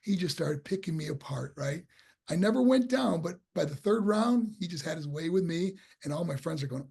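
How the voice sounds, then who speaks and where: As a guest in an informal interview, an ex-boxer from New York State tells his story in a fairly high, creaky, husky voice at a fairly quick clip. His animated telling includes acting out the voices he quotes, and excitement makes him repeat and restart words.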